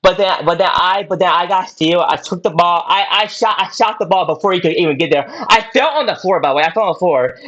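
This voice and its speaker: A man's voice: high voice, animated, brisk, few pauses, a bit bright. A young man telling a long personal story on a podcast in a casual, rambling way, full of fillers and repeats. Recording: dull lo-fi audio.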